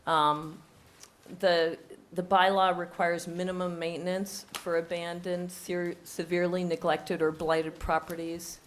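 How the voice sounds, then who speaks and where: Hoarse from a cold, her voice nearly gone, a woman presents a proposed bylaw at a public hearing in a town meeting room, explaining it step by step in a formal presentation. She speaks close into a table microphone in a lowish voice with little pitch movement and a measured pace. Slight background noise can be heard.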